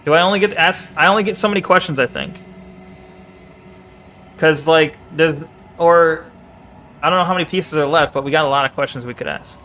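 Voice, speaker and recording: A playful young man commenting as he streams a game. His voice sits fairly high. A faint hum runs behind him. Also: fairly quick, pauses often, bright, forceful tone. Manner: playful, chatting to viewers by name. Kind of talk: live gameplay commentary.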